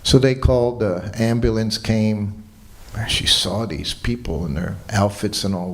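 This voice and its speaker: Low-voiced man telling a story. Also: moderate pace. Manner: relaxed anecdotal storytelling with quoted dialogue. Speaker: lecturer at a temple. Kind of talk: storytelling morning lecture. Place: temple hall.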